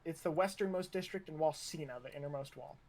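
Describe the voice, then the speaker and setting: A man narrating a tabletop game as game master, relaxed and stop-start with fillers. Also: a little high, quick pace, gravelly.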